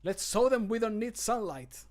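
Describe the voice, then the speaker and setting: A man recording voice lines for a game character, an excitable young male adventurer companion, with eager, playful delivery into a studio microphone. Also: sits high, normal speed, voice pushed up. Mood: rallying.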